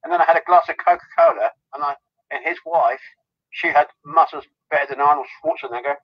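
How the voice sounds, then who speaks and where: Man guest, husky, lively pitch, chatty storyteller, dull call sound. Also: fast talker. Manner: rambling anecdotes, giggling. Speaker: guest, celebrity lookalike. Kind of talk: casual interview chat.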